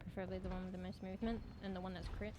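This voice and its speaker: A woman streaming a game, giving live commentary, cursing often and shouting callouts to teammates. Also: mid-range voice, flat delivery, rapid-fire. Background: background music.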